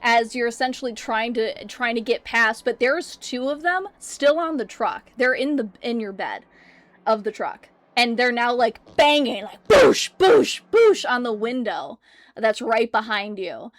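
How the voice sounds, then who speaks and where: Woman game master, slow deliberate delivery, dry close sound, vivid storyteller. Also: a little high, expressive, no room sound. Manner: vivid narration with sound effects and laughter. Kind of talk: narrating a tabletop game.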